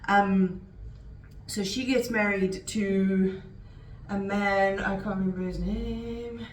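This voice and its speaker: A woman's voice: mid-range voice, steady tone, slow, far from the mic, a little hiss or hum. Chatty woman vlogging in an echoey room. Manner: chatty, rambling with frequent "like" and "um". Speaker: book vlogger. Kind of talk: casual vlog chat.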